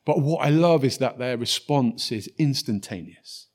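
A man, preaching a sermon in a lively storytelling way and dropping to soft, quiet tones for scripture. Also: medium pitch, unhurried.

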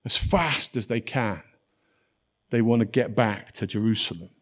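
A man, preaching a sermon in a lively storytelling way and dropping to soft, quiet tones for scripture. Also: lowish voice, unhurried.

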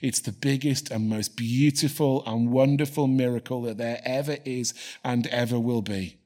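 A man's voice: mid-range voice, fairly even intonation, moderate pace, a little mellow. A man preaching a sermon and leading a prayer, earnestly repeating key phrases for emphasis. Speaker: pastor.

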